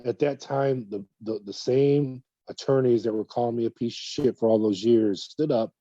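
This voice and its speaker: A middle-aged man from California recounts his past in an interview, slipping into quoted dialogue and stumbling over repeated words. His voice is dark and husky. The recording is dry and a little muffled. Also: mid-range voice, normal speed, no echo. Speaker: whistleblower guest. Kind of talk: conversational storytelling interview.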